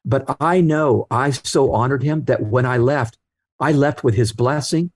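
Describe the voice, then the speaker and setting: A man in his sixties talks earnestly, spinning anecdotes and acting out the people in them. His voice sits in a middle pitch, recorded close with a dry sound. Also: unhurried, dry recording. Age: 60s. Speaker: guest author. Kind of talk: storytelling interview talk.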